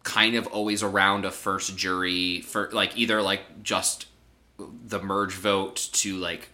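A man's voice: sits low, little pitch movement, slow, pushed and bright. A man co-hosting a casual podcast, giving dry, wry opinions with lots of "like". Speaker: podcast co-host. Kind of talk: casual chat.

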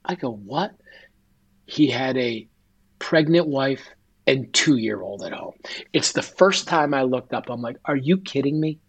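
A man with a husky, slightly breathy voice speaks as an interview guest, telling a personal story with real feeling. He often slips into quoted dialogue as he retells what others said. His pitch sits in an ordinary middle range. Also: a little slow. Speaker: guest, author.

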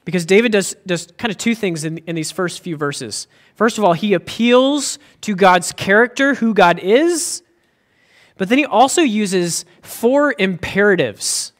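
A man's voice: high voice, expressive, unhurried. A man preaching a sermon as pastor, earnest and emphatic, often restarting his sentences.

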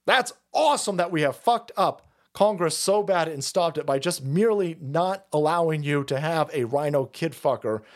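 A middle-aged man streaming an angry, profane political rant. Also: on the high side.

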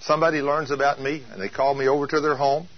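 Husky preacher man, emphatic. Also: a little high, flat delivery, quick pace. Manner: emphatic, rhetorical questions. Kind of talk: teaching sermon. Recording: dull lo-fi recording.

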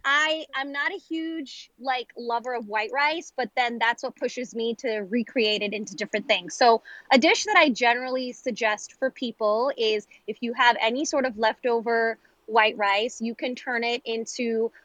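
A woman with a New York accent, a guest chef talking candidly and quickly in a relaxed interview chat. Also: fairly high pitch, no room sound, lo-fi sound. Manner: candid, chatty, quick asides.

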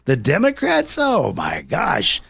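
A man co-hosting a casual political talk show, sitting a little high in his register. He mocks as he goes, swinging his pitch widely and slipping into other people's voices. The recording is close and dry, with no room sound. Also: takes it slowly, vocal fry, breathy edge, no echo. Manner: animated, mocking, acts out quoted voices.

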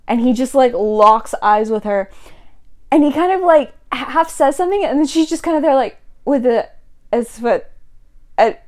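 A young woman with a high, bright-toned voice retells a story to her co-host in a loose, chatty way. She talks animatedly and a little breathlessly, with lots of "like" in her sentences. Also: normal speed. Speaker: podcast co-host. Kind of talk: casual chat retelling a story.

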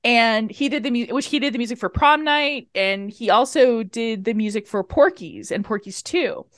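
A woman's voice: a little high, normal speed, no room sound, clean studio sound. A woman co-hosting a podcast, recapping a film in casual chat, acting out the characters' lines and swearing freely. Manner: animated retelling with acted-out quotes and swearing. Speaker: podcast co-host.

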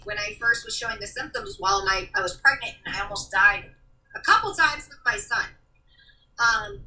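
Bright, animated woman, a bit off-mic. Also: on the high side, distant mic, poor audio. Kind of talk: casual podcast conversation.

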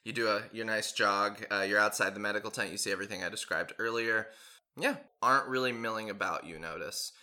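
A man's voice: on the low side, a little fast, sharp tone. A man narrating a tabletop role-playing game as game master, loose and chatty with frequent laughs. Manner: laughs often, loose with fillers.

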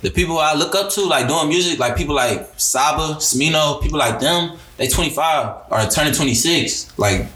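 A man's voice: on the high side, normal speed, few pauses, pushed and bright. A twenty-year-old man talking as a guest musician in a casual podcast interview, laid-back and full of slang, with many restarts. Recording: roomy echo.

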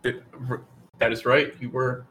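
A man's voice: mid-range voice, little pitch movement, normal speed, pushed and bright. A man co-hosting a casual podcast chat with friends, easygoing and laughing along. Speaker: podcast co-host.

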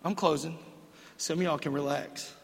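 A man preaching a sermon, emphatic and animated, dropping to hushed lines and rising to shouts as he acts out what people say, in a reverberant hall. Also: on the high side, moderate pace, vocal fry. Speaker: pastor. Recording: echoey hall.

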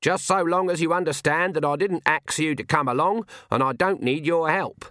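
A man's voice: on the high side, normal speed, fairly bright tone, no echo, studio quality, pitched above the performer's own voice, close to an everyday voice. A man voicing a proud, stubborn old witch woman who speaks curtly with rural turns of speech, in a storybook reading.

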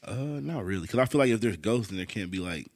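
Fast-talking deep-voiced young man, rambling. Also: expressive, no echo, clean studio sound. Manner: rambling, restarts and trails off, swears freely. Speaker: podcast co-host. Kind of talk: casual chat.

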